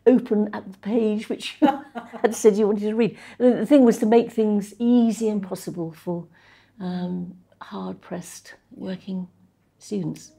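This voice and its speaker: Husky, gravelly older woman recalling her career. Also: mid-range voice, steady tone, a little slow, dark tone. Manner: anecdotal, chuckling, with frequent ums and restarts. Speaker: interviewee, social policy researcher. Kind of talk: reflective conversational interview.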